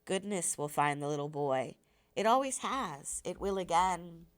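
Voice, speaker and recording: A woman voicing a weary, dying father who quietly reassures his son, while reading a novel aloud. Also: lowish voice, a little slow, lightly acted. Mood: reassuring.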